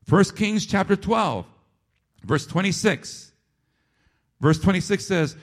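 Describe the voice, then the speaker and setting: A male pastor preaching a sermon, calling out to the congregation and repeating phrases for rhythm, swinging between loud and hushed. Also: sits high, lively intonation, slow, pauses often. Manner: calls out to the congregation.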